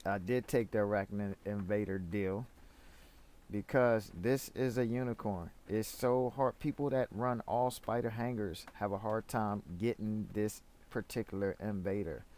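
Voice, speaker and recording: A man's voice: lowish voice, steady tone, unhurried, a little mellow. A man from Florida streaming a video game, talking in a rambling, chatty way full of fillers as he plays and reads the chat. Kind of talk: casual gameplay commentary.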